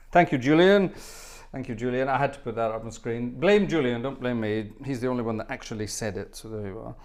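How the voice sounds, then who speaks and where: A man's voice: medium pitch, brisk, darkish tone. A man from Scotland, hosting an organ livestream, chatting casually and telling anecdotes while reading viewer comments.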